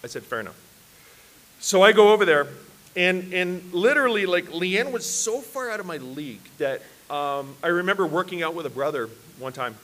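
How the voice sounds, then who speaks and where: A man's voice: high-pitched, lively intonation, normal speed, a bit bright. A man preaching at a church worship service, telling self-deprecating, humorous personal stories to a congregation. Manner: self-deprecating, joking storyteller.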